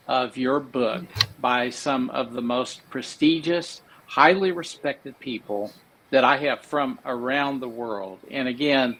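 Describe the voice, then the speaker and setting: A man's voice: mid-range voice, a bit bright, poor audio. Effusive male talk-show host. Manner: effusive, rambling with fillers. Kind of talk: live interview.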